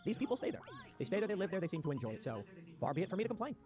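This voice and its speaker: A man's voice: high-pitched, big pitch swings, very fast. A man giving sarcastic, combative commentary on a livestream, reading posts aloud and ranting. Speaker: political commentator. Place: home in West Virginia. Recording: music playing underneath. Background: music.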